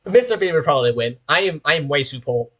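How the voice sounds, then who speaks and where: A young man from Hong Kong, a little high in pitch, talks casually while streaming. His English has a British-sounding accent, his throat is sore, and he rambles, restarting and correcting his phrases as he goes. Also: expressive, fast talker, a bit bright, lo-fi sound. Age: young adult. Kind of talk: casual live-stream chat while playing a train simulator.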